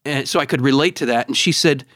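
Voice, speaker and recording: A middle-aged man chatting on a podcast, spinning a story with lively energy and tripping over repeated words when he gets excited. His voice sits in a middle register and is recorded close and dry. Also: mid-range voice, fast talker, no room sound. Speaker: podcast co-host. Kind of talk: casual chat and storytelling.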